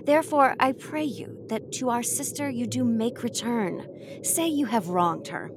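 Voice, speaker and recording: Woman as a cold scheming princess, cool and condescending, slightly high voice, hiss behind. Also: lively intonation, a little slow. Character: cold scheming royal daughter.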